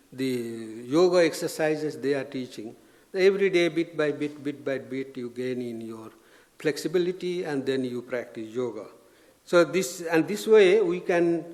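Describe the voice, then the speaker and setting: Swami speaking in a reverberant hall. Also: male voice, fairly high pitch. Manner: gentle, anecdotal, with frequent restarts and soft laughs. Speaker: Vedanta swami giving a spiritual talk. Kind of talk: informal spiritual discourse. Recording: long reverb of a lecture hall.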